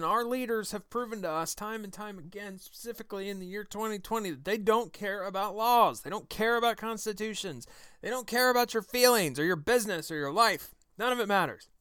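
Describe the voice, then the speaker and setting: A man's voice: sits high, a bit bright, smooth, no echo, clean studio sound. Combative man hosting a political podcast. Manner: combative, sarcastic, emphatic. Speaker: podcast host. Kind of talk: political commentary monologue.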